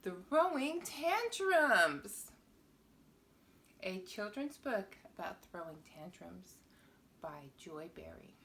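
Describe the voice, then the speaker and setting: A woman reading a children's picture book aloud to young viewers, with a playful, expressive storytelling manner. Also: lowish voice, unhurried, slight background noise.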